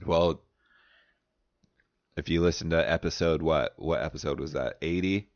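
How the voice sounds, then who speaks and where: A man's voice: a bass voice, normal speed, dry recording, lo-fi sound. A man co-hosting a podcast, chatting casually while reading out a drinking game, laughing and swearing through the banter. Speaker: podcast co-host.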